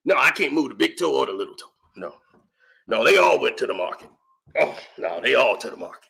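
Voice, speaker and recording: A man's voice: medium pitch, very animated, brisk, gravelly, fairly bright tone, reverberant, voice pushed down, full character voice. A man doing a comic impression of a melodramatic male pundit moaning over a hurt ankle, delivered with theatrical groans. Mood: groaning.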